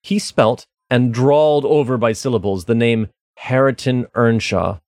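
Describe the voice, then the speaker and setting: A man's voice: medium pitch, measured pace, darkish tone, no room sound. A man discussing a novel casually and frankly, then reading passages from it aloud. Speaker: discussion participant.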